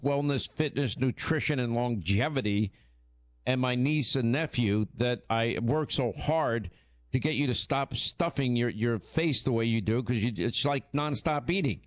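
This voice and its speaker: A man hosting a radio show, telling stories in casual, animated, teasing on-air chat. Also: mid-range voice, moderate pace, no room sound.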